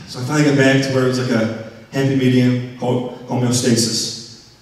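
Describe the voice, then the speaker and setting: A man with an American accent, a motivational speaker telling a lively story to students in a school auditorium and acting out the scenes as he talks. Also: mid-range voice, normal speed. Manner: animated and playful, acting out scenes. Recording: echoey hall from far off.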